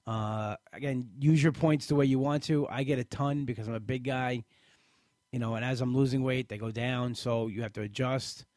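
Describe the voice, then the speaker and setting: A man's voice: mid-range voice, fairly even intonation, normal speed, darkish tone, no echo. A man hosting a casual podcast, rambling with restarts and fillers, talking close to the mic. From Italian-American family. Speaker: podcast host. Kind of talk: casual live podcast chat.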